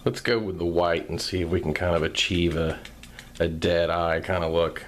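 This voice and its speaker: A man calmly narrating a craft tutorial in a soft-spoken, step-by-step way. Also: low voice, normal speed, slight background noise.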